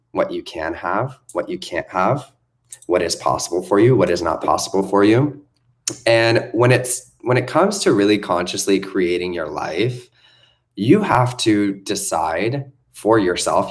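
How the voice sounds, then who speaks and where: A young man in the role of a self-help coach, delivering an unscripted, emphatic motivational rant that repeats itself and swears freely. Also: lowish voice.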